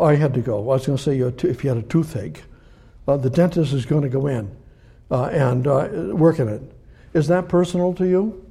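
An older man preaching a rambling sermon and reading Bible verses, with much repetition and swings between loud emphasis and quiet asides. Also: on the high side, vocal fry, husky. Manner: conversational, halting with many fillers.

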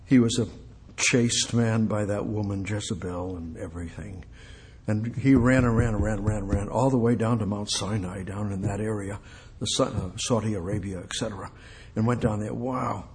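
A man giving an informal sermon in a folksy, repetitive way, often dropping to a hush. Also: lowish voice. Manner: repetitive, folksy, drops to hushed tones. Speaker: preacher.

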